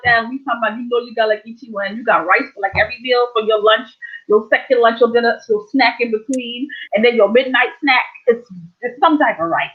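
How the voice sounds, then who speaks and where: A woman, hosting a playful, animated casual chat. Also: a little high. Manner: animated, playful, Southern colloquial speech. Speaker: host. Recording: dull lo-fi audio.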